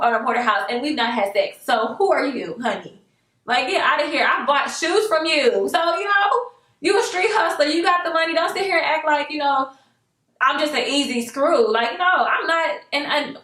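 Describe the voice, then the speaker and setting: A young woman telling a casual storytime, animated and sassy, laughing often and jumping into high voices for quotes. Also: reverberant. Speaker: storyteller vlogger.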